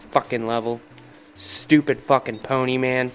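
A man's voice: mid-range voice, fairly even intonation, measured pace, pauses often, soft background music. Ranting, cursing man playing a game. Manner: frustrated, heavy swearing, ranting. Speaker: gaming commentator. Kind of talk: angry let's-play commentary.

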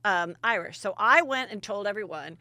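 A woman hosting a comedy podcast, chatting in a gossipy, animated way and telling stories with loud impressions. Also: mid-range voice, moderate pace, dry recording. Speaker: podcast host. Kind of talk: casual comedic chat.

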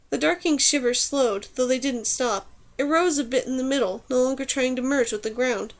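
A woman's voice: sits high, moderate pace. Woman reading a fantasy audiobook. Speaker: audiobook narrator. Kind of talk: scripted narration.

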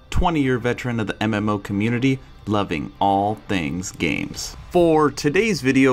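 A man hosting a gaming channel, reading news points aloud in a measured, list-like way. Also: mid-range voice, a bit bright.

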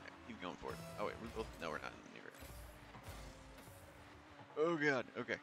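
A man giving casual commentary on his own gameplay. He thinks aloud in a chatty way and jumps into excited high yelps. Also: a little fast, vocal fry, over music. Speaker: YouTuber.

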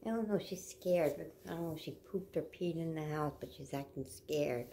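A woman in her forties with a strikingly deep voice talks casually to her phone camera at home. She rambles from one small thing to the next and slips into soft, cooing baby talk with her dog, with a faint hiss of noise behind her. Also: normal speed. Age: 40s. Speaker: vlogger. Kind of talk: casual home vlog chat.

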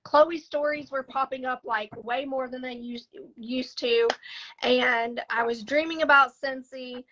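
Brief: young woman, high bright voice, heartfelt storytelling, a little distant from the phone mic. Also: fairly even intonation, a little slow, dull audio, a little hiss or hum. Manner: earnest, heartfelt, many fillers. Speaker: direct sales consultant sharing her story. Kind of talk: casual personal story on a live team training. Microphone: phone live video call.

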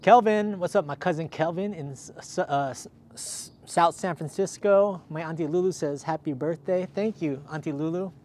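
A man's voice: on the high side, moderate pace, a little mellow. A man hosting a casual livestream, upbeat and chatty, thanking viewers by name, a little out of breath. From Southern California. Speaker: livestream host. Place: outdoors in cold weather.

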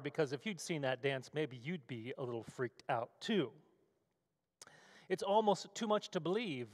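A male pastor delivering a sermon with vivid, storytelling scene-setting. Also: a little high. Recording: long hall reverb.

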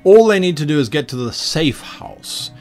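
Man, game master, explaining adventure design, lively pitch, rambling asides, faint background music. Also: normal speed. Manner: rambling, animated, many asides.

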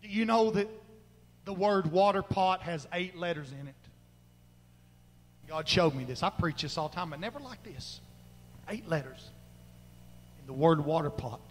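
A male pastor preaching a fervent sermon, moving between shouted exhortation and quiet, low asides. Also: animated, moderate pace, pauses often, long reverb tail, a little hiss or hum, poor audio. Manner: fervent, swings from loud crying out to low murmurs. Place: church sanctuary.

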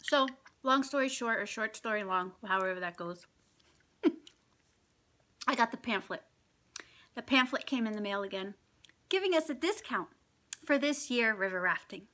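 A middle-aged woman vlogger telling a story in casual chat, animated and laughing often as she acts out what people said. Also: fairly high pitch, measured pace, long pauses. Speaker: mukbang vlogger.

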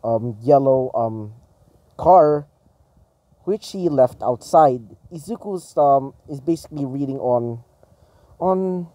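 A man's voice: mid-range voice, lively intonation, takes it slowly, warm tone, no room sound. A man casually improvising a fan-fiction story, rambling with many ums and a bit of swearing.

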